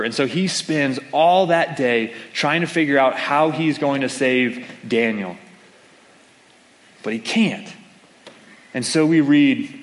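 A man preaching from a pulpit, telling his story and the scripture in an easy, conversational way. His voice sits at an ordinary middle pitch. A long reverb trails after his words in a large church hall. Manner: conversational storytelling with acted-out quotes. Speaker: pastor. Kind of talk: sermon.

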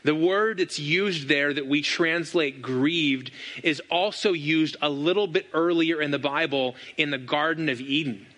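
A man's voice: on the high side, unhurried, fairly bright tone. A man in his thirties, a pastor preaching an earnest, reflective sermon full of rhetorical questions.

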